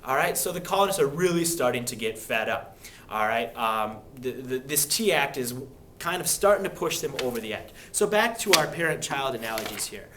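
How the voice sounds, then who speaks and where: A young man teaching history in a casual, animated way, acting out quoted people with sudden voice changes. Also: mid-range voice, fairly quick, slight background noise. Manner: animated, acts out quoted speakers. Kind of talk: classroom history lecture.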